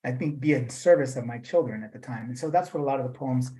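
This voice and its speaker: A man reading his own poems and then talking about them, in a measured voice for the verse and a loose, rambling one with fillers for the talk, over a video call. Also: mid-range voice, warm tone, rough recording. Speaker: poet reading his work. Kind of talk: poetry reading and talk at a virtual event.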